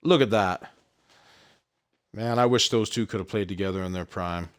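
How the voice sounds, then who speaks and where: A man with a lowish voice chats loosely over a live basketball game stream. He grumbles at bad plays but laughs it off and keeps talking to his viewers. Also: normal speed. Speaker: gaming streamer. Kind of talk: casual live gameplay commentary.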